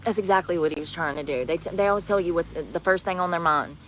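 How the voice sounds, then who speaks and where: A woman's voice: on the low side, fast, fairly bright tone, a little hiss or hum. A woman livestreaming outdoors on the street, chatting casually and rambling to her viewers.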